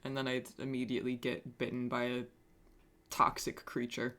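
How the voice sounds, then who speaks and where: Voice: medium pitch, completely flat delivery, moderate pace, pushed and bright. A streamer chatting casually on a live stream, reading chat messages aloud and answering them with wry, self-mocking humor and frequent swearing.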